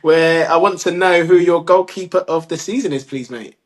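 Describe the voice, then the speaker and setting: A man's voice: a little high, moderate pace. A man co-hosting a casual podcast, rambling through his points with restarts and casual slang. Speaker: podcast co-host. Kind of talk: casual chat.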